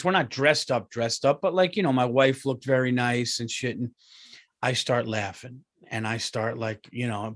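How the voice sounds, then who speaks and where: A middle-aged man, a comedian hosting his own show, telling a comic story in a profane, animated way. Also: medium pitch. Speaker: comedian host.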